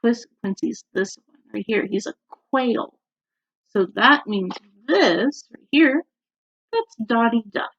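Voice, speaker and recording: A woman teacher reading a picture book aloud to young children at home, stopping to ask them questions. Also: a little high. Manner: slow, animated, asks the children questions. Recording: dull lo-fi recording.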